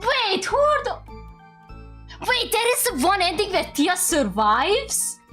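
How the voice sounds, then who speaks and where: A woman streamer reacting live to a game, excitable, squealing and screaming with delight. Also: very high voice, slow, soft background music. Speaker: VTuber streamer.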